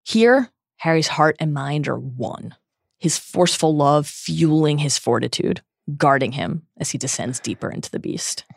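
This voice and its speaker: A woman's voice: low voice, lively intonation, a little slow, vocal fry, dry recording, clean studio sound. A woman hosting a podcast, recapping a book in an earnest, dramatic reading. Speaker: podcast host.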